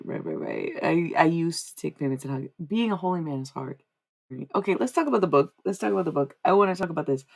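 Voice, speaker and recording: A woman's voice: on the low side, creaky. A young woman livestreaming, chatting casually and giving psychic readings, rambling and repeating herself with frequent laughs. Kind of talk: casual live-stream chat.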